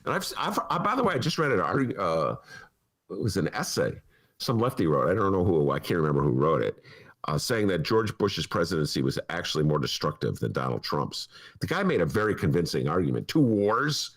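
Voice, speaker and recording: A male talk show host in casual political chat, rambling and animated, laughing often. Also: fairly low pitch, brisk.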